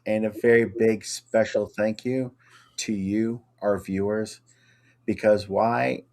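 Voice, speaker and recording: A man's voice: fairly low pitch, steady tone, takes it slowly, a little mellow. A man co-hosting a casual chat show, upbeat and chatty, reading out viewer comments. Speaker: co-host.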